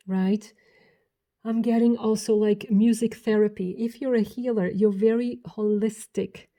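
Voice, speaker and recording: Mellow-voiced woman giving a tarot reading. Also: mid-range voice, creaky. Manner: warm, emphatic, speaks directly to the viewer. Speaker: tarot reader. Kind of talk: pick-a-card tarot reading.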